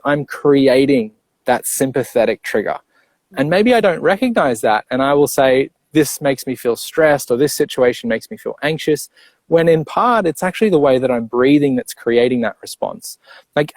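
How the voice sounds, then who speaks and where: A man's voice: medium pitch, darkish tone, no room sound. Teacherly man explaining in a dry room. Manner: clear, teacherly, checks in with "right?" and "okay?". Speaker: breathwork coach. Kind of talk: explanatory interview talk.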